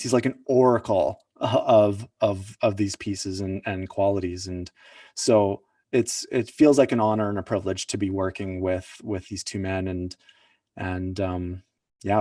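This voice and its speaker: A man's voice: on the low side, warm tone, no echo, studio quality, far from the mic. A man, the founder of a project, telling a personal story in an earnest, reflective way, often searching for words. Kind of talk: personal storytelling at an online summit.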